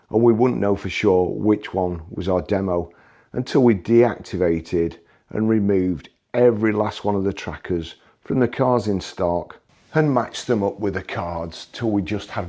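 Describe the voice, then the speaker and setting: A man's voice: sits low, mellow. A man narrating personal anecdotes in a wry, conversational storytelling manner, with occasional restarts. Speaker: memoir storyteller.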